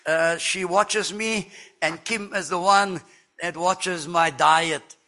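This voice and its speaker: A man's voice: high-pitched, steady tone, background noise. An older man giving an earnest, emphatic testimony in a church service. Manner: earnest and emphatic, with slow deliberate phrasing. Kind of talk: sermon testimony.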